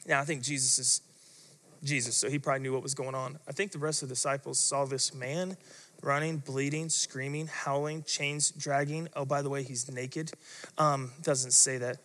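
A man's voice: mid-range voice, level tone, normal speed, a bit bright, big-room sound. A man preaching a sermon as pastor, telling the story in a dramatic, vivid way.

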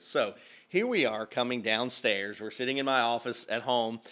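This man speaks in a mid-range, slightly bright voice at a moderate pace. He's a pastor hosting a casual podcast from his home office, upbeat and rambling, often breaking into laughter, recorded on a studio mic with headphones.

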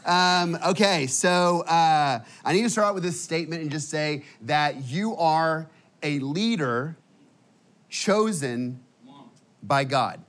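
A man preaches to his church with a slightly high voice, full of fillers, quick restarts and casual slang. He sounds fired up and at times emotional. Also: a bit bright. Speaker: guest preacher. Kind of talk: sermon. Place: church auditorium.

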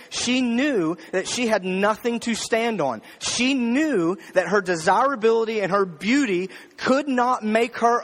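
A man's voice: high voice, long reverb tail. A man preaching a sermon, talking to the congregation in a conversational way. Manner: conversational preaching, addressing the crowd with "y'all". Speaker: pastor.

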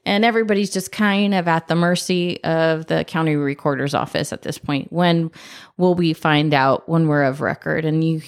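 A woman with a slightly low voice explains the process as a podcast co-host. She talks briskly, in quick bursts, with casual asides. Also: clear, resonant tone. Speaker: podcast co-host, escrow professional.

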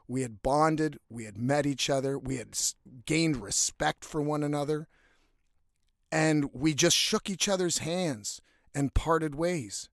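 A man telling a story casually, animated and swearing freely. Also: a little high, no room sound, clean studio sound. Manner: animated, profane, conversational.

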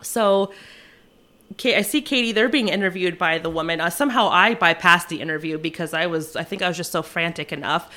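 Lively young woman telling a story. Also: fairly low pitch. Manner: lively, rushes and acts out quotes, laughs often. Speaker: flight attendant telling a travel story. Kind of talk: animated casual storytelling.

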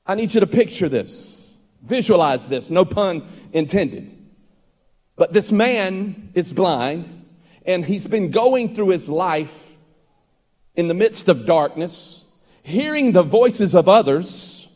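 A man preaching a sermon as pastor, building to loud, ringing emphasis. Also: high-pitched, animated, slow. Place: church sanctuary. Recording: long hall reverb with faint music.

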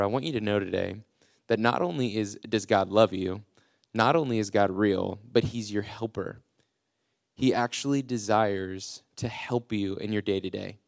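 A man delivers a short devotional sermon into a close podcast mic, his lowish voice gravelly at the edges but smooth and resonant. He speaks earnestly and encouragingly, with plenty of uh's, and slows right down to stress the key lines. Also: a little mellow. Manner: many filler "uh"s and restarts. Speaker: youth pastor.

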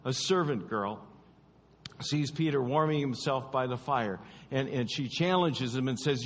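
A man preaching a sermon in an emphatic, repetitive way, often sinking to low, quiet stresses. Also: lively intonation, a little slow, long reverb tail.

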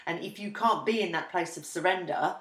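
A woman co-hosting a casual podcast chat, reflective and quick to agree. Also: lowish voice, fairly bright tone, echoey room. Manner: agreeable, reflective, many yeahs. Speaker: podcast co-host.

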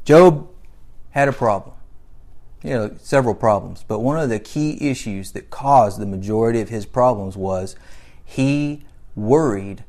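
A man preaching a sermon with emphatic, drawn-out phrasing and dramatic pauses, reading scripture aloud in a raised voice. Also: fairly low pitch, darkish tone.

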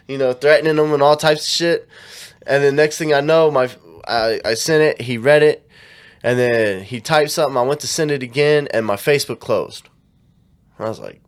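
Man, casual storyteller, slangy and profane, acts out the quotes, mid pitch. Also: fast. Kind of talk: casual chat.

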